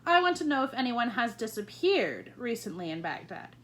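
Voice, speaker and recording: A woman reading aloud, voicing a composed, commanding queen who speaks crisply. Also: on the high side, very animated, normal speed, fairly bright tone, slight background noise. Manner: crisp, imperious.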